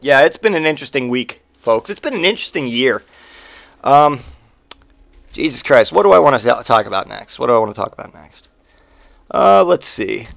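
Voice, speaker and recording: A man's voice: medium pitch, very animated, moderate pace, creaky, long pauses, a bit bright, no echo. A man hosting a podcast, telling rambling, profane stories in a casual monologue. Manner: rambling and profane, with frequent swearing. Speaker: podcast host.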